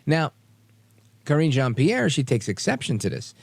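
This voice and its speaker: Gravelly, animated male talk radio host. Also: fairly high pitch, moderate pace, no room sound. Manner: sarcastic, animated, mocks quoted voices.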